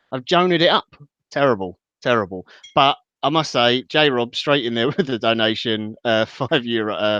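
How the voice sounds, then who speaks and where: A man talking football as a podcast guest, measured and thinking aloud, over slightly dull call audio. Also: medium pitch, a bit bright, no room sound. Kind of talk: casual football analysis.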